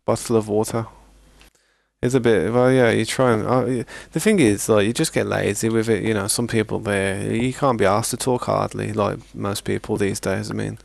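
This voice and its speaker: A man's voice: fairly low pitch, steady tone, moderate pace, vocal fry, few pauses. A man, chatting casually and rambling in a laid-back, slangy way as a gaming streamer. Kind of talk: casual gameplay chat.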